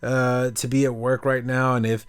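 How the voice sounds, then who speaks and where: Young guy rambling on his podcast, um and like everywhere, average pitch. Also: flat delivery, normal speed, clean tone. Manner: rambling, filler-heavy storytelling. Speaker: podcast host. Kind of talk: casual chat.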